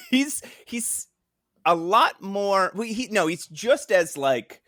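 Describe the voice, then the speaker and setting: A man's voice: high voice, sing-song, slow, fairly bright tone, no room sound, clean studio sound. A man co-hosting a comics podcast in casual chat, laughing often and acting out quoted lines. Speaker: podcast co-host.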